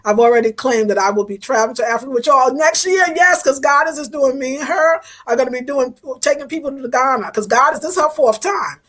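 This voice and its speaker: A woman's voice: high-pitched, fast, hardly any pauses, a bit bright. A woman hosting a casual livestream, thanking viewers by name in an effusive, affectionate way, her voice wavering with emotion at times. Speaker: livestream host reading viewer comments.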